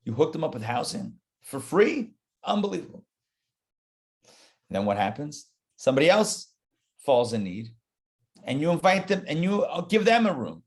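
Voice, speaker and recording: A man, a rabbi, teaching a live Torah class in an animated, conversational way, talking straight to his listeners. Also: on the high side, normal speed, long pauses.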